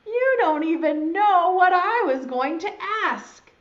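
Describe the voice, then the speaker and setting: A woman's voice: sits high, big pitch swings, exaggerated voice. A woman voicing a silly, impatient little male caterpillar who pesters with eager questions. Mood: restless. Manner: fidgety, pestering, quick questions. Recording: dull echoey room sound.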